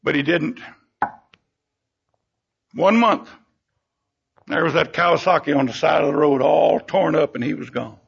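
An older man preaching a sermon with fervent emphasis, his voice leaping up and sinking low between phrases. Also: unhurried, creaky, pauses often, a bit bright, breathy edge. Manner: fervent preaching, sudden rises and drops in pitch and volume. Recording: dull lo-fi recording.

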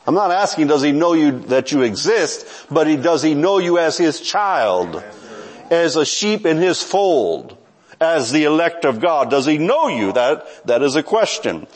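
High-voiced man preaching a sermon. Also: very animated, measured pace, slightly rough. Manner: conversational, self-correcting, with frequent restarts. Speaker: pastor.

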